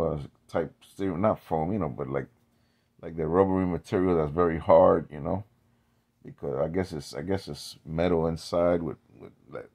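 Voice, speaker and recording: Male vlogger, very low gravelly voice, rambling talker who restarts often. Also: a little mellow. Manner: rambling, drifting into tangents with many restarts. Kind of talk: rambling casual monologue.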